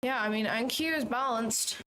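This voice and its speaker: A woman's voice: a little high, normal speed, sharp tone, slight background noise. A woman hosting a live trading stream, chatting and thinking aloud in a self-deprecating way. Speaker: trading livestream host. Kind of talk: live commentary while trading.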